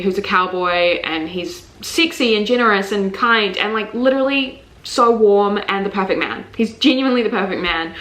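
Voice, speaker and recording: A young woman with a New Zealand accent talks through her monthly reads in a loose, candid way, peppering her speech with fillers and the odd swear. Her voice sits at an ordinary middle pitch and rings a little in a roomy space. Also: a bit bright. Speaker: book reviewer. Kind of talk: casual book review vlog.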